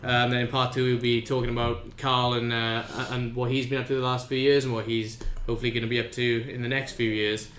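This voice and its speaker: A man hosting a casual football podcast, introducing segments in a relaxed way with fillers. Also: medium pitch, fairly quick, few pauses, reverberant, a little hiss or hum. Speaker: podcast host.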